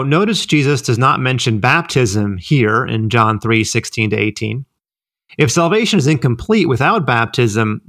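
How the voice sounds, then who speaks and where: A man co-hosting a ministry podcast, explaining Bible passages in a relaxed way with lots of fillers. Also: medium pitch, no echo, studio quality. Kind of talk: conversational Bible teaching.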